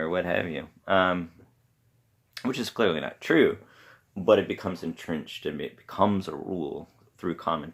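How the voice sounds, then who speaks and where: Male podcast host, very low and gravelly, rambles through a casual talk at home. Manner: rambling, halting with many pauses. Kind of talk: casual solo talk on poetry. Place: home room with pets around.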